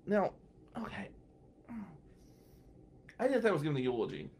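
A middle-aged man from New Jersey, a podcast guest telling a lively anecdote and acting out the people in it. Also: a little high. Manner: animated, acts out the voices of people in his story. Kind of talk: storytelling anecdote.

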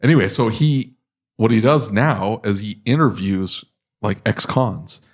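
A man's voice: on the low side, expressive, measured pace. A man with a northern US accent hosting a casual talk show, joking and cutting in often. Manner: joking, talkative, often cuts in. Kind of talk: casual chat.

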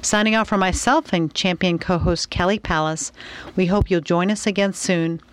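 A woman's voice: lowish voice, fairly even intonation, normal speed, poor audio. A woman co-hosting a podcast, reading a scripted sign-off. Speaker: podcast co-host.

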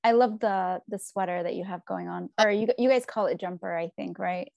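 A woman's voice: on the low side, a little fast, vocal fry, darkish tone, no room sound. A woman from California with an American accent, hosting a podcast interview in a chatty, upbeat way with many fillers. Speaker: podcast host. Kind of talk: casual interview chat. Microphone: remote video call.

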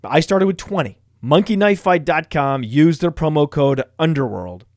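A man hosting a fantasy football podcast, reading ads in a boastful, self-mocking, energetic way. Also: on the high side, normal speed, dry recording, studio quality. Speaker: podcast host.

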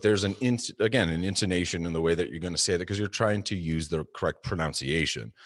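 Guy in his forties for a podcast chat: low voice, dry close sound, thinks out loud. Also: no echo. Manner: thoughtful, rambling with restarts. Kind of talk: casual discussion.

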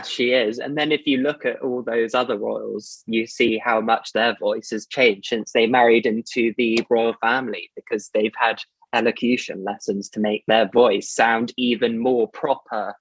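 A man with a posh English accent chatting casually, speaking in a measured, hedging way. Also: medium pitch, steady tone, breathy edge, no room sound, low-quality recording. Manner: measured, hedging with "sort of" and "as such". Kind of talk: casual chat.

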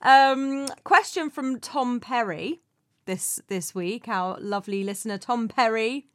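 A woman's voice: a little high, measured pace. Playful, giggly woman. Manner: giggly, playful, reads listener questions. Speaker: podcast co-host. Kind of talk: casual chat.

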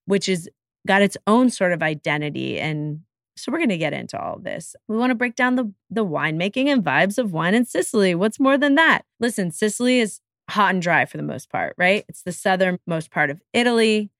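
This podcast host is a woman with a medium-pitched, lively voice who talks a little fast. She chats casually and enthusiastically on her own, tossing in self-deprecating asides. The studio-quality recording has no room sound.

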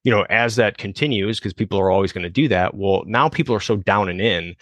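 Deep-ish voiced guy on a podcast, thinks out loud, keeps restarting, dry sound. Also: fast, dry recording. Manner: thoughtful, with many restarts and repeated words. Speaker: podcast co-host. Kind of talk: casual conversational discussion.

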